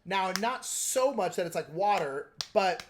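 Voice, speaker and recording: A man's voice: sits high, expressive, unhurried, slight background noise. Easygoing man chatting on a live stream. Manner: meandering and easygoing, explaining technique while answering chat. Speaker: live-stream host painting miniatures. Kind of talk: casual live-stream chat while painting.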